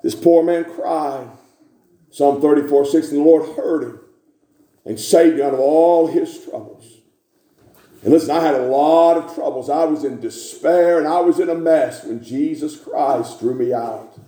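A man preaching a sermon in a church, building to repeated shouted refrains. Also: on the high side, normal speed, roomy sound.

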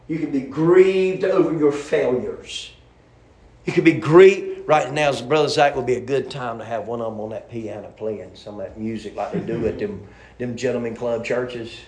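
A man's voice: medium pitch, darkish tone. Man preaching in an echoey church. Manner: folksy, rambling preaching with repeated restarts. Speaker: pastor. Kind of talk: sermon. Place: church sanctuary.

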